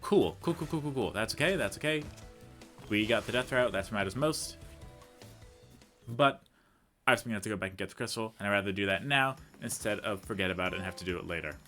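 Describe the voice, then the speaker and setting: A man's voice: on the low side, animated, quick pace, bright, forceful tone, soft background music. A man giving casual, rambling commentary over a video game he is playing, full of tangents and self-deprecating jokes. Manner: rambling, chatty, goes off on tangents; self-deprecating, jokey asides. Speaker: let's play commentator.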